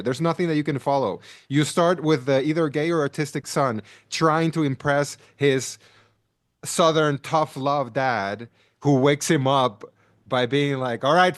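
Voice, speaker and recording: A man's voice: medium pitch, no echo, clean studio sound. A man in casual podcast chat, ranting animatedly about a film and often restarting his sentences.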